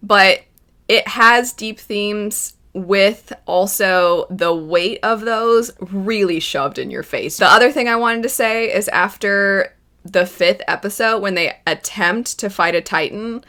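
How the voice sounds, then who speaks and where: Bright-voiced, chatty young woman. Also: medium pitch, expressive, a little slow. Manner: chatty and enthusiastic, frequent laughs. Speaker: anime reaction vlogger. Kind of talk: casual first-impressions commentary.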